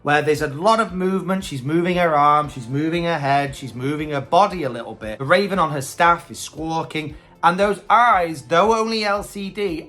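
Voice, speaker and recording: A man's voice: on the high side, fairly bright tone. A man hosting a casual video review, chatting with hesitant opinions. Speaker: host.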